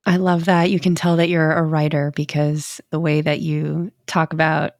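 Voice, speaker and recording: A woman's voice: sits low, level tone, normal speed, a little mellow, dry recording, clean studio sound. A woman hosting a podcast, asking interview questions in an appreciative way. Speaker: podcast host, doctor.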